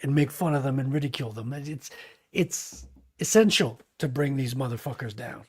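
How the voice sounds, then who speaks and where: A man's voice: medium pitch, normal speed, slightly rough. A man co-hosting a casual livestream chat, talking emphatically and swearing. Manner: emphatic, profane.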